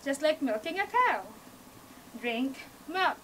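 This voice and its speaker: A woman's voice: sits high, very animated, slow, a bit bright, distant mic, slight background noise, poor audio. A woman from Hawaii with a Hawaii accent giving a classroom speech that teaches sign language basics, guiding her audience step by step in slightly non-native phrasing. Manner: encouraging, leads the audience through each step; non-native phrasing, small grammar slips. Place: university media room. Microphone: camcorder from across the room.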